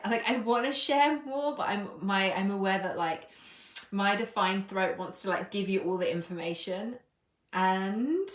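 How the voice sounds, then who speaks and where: A woman with a slightly low voice runs a laid-back live stream as a coach, joking at her own expense and cursing freely in a playful, irreverent way. The room she's in is echoey, so her voice carries a clear echo.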